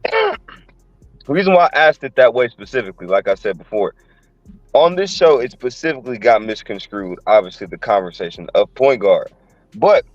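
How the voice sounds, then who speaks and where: A man's voice: mid-range voice, dry recording, dull audio. Blunt, profane male podcast host. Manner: blunt, profane, steers the talk. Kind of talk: casual sports debate.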